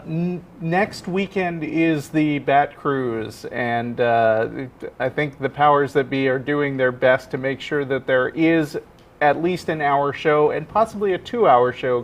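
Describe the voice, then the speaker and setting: A man co-hosting a live call-in TV show in a studio, talking in a relaxed, hesitant way with many fillers. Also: mid-range voice, a little slow. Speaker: co-host. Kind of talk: casual chat.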